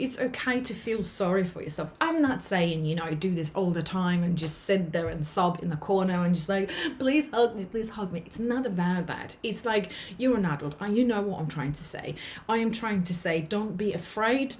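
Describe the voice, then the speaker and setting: A woman giving a motivational self-help talk, reassuring and often checking in with the listener, repeating words as she thinks aloud. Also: mid-range voice.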